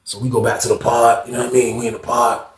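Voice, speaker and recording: A young man telling a story casually, animated and slangy, talking straight to his listeners. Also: medium pitch, quick pace. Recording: roomy echo.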